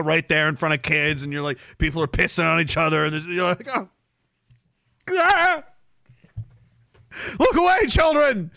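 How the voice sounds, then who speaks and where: A man's voice: on the high side, bright, forceful tone, clear, resonant tone, no echo, clean studio sound. A man from Canada hosting a livestream, ranting in a crude, sarcastic, rambling way with lots of restarts. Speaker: livestream host. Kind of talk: casual ranting livestream monologue.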